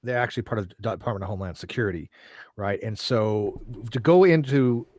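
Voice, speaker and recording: A man's voice: on the low side, brisk, a little mellow, dry recording. A man interviewing a veteran in a casual chat, asking follow-up questions conversationally.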